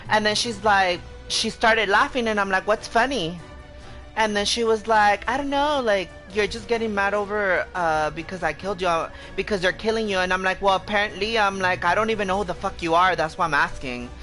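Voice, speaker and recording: Faint music plays behind a game streamer, a woman whose voice is mid-range and fairly bright, as she profanely and heatedly recounts an argument in casual chat. She rapidly quotes herself again and again with "I'm like."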